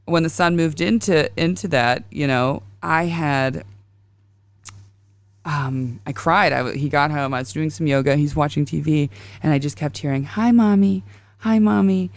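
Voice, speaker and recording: A woman's voice: deep voice, fairly even intonation, normal speed, dry recording. A woman in her thirties hosting a casual astrology podcast, rambling and confessional as she tells stories. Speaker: podcast host.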